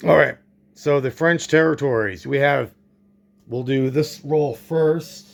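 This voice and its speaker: A man's voice: medium pitch, takes it slowly, vocal fry. A man narrating his own board game play-through, thinking aloud and reacting to dice rolls.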